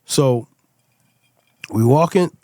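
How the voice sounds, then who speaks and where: Animated storytelling man, dry close mic. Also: mid-range voice, extremely slow, no room sound. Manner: animated storyteller, acts out quoted voices. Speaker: podcast guest. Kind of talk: casual storytelling chat.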